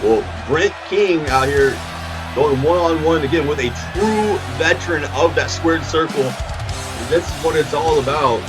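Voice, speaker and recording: A man calling a wrestling show as play-by-play commentator, excitable and tripping over his words. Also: fairly high pitch, measured pace, music in the background.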